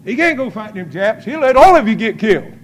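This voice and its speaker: An older man voicing a loud, blustering male army psychiatrist. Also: high-pitched, sing-song, fairly quick.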